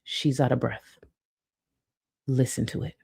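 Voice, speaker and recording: A woman's voice: very deep voice, fairly even intonation, measured pace, gravelly, dark tone, husky. A woman host giving blunt, profane, sarcastic reaction commentary on a streamer's clips.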